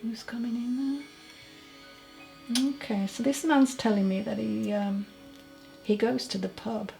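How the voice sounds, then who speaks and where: Woman, psychic medium, mellow dark tone, halting and self-correcting, faint music behind. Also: fairly high pitch, steady tone, creaky, low-quality recording. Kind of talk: solo mediumship reading.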